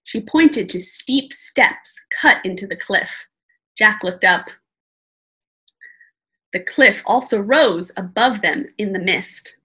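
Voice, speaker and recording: A woman reading a children's chapter book aloud like a teacher, gently pausing to ask her listeners questions. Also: medium pitch, low-quality recording. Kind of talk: storybook read-aloud for children.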